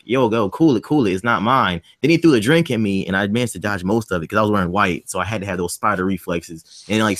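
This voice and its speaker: A man on a podcast panel telling a profane story in casual chat, acting out the lines of everyone in it. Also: on the low side. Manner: animated, profane, acts out quoted dialogue.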